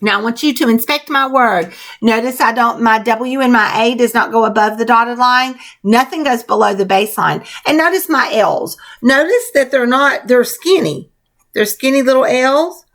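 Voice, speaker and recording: A woman teacher leading a spelling lesson for young children, spelling words out letter by letter in a slow, clear, encouraging way. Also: a little high, fairly bright tone.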